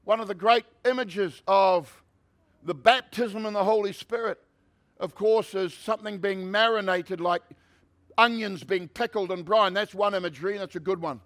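High-voiced man preaching a sermon. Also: moderate pace. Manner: conversational, builds to loud preaching. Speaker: pastor.

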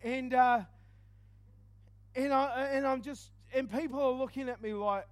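A man preaching, telling a personal testimony in an animated storytelling way with quick dips into quiet asides. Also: extremely high pitch, no echo. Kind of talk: testimony sermon.

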